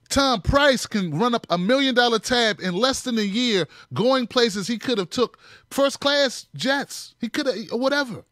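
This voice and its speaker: A man's voice: high-pitched, fairly bright tone, dry recording, studio quality. A man hosting a political commentary show, talking in a punchy, sarcastic way with mocking asides.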